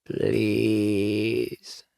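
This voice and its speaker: A man voicing the cold, croaking ghost of a dead woman, pleading slowly and in a hush. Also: fairly low pitch, monotone, dry recording, studio quality, full character voice. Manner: slow, hushed, beseeching.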